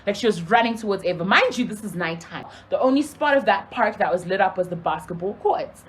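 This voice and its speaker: A young woman from Zimbabwe telling a casual storytime to her camera, animated, acting out the people in her story. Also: mid-range voice, fairly quick. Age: young adult.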